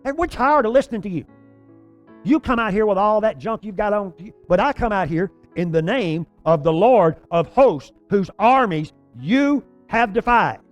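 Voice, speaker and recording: A man's voice: high voice, expressive, moderate pace, dull audio, soft background music. A man voicing a bold, fearless young shepherd who stumbles over his words in eagerness and speaks bluntly. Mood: defiant. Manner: stammering eagerly, then blunt and defiant.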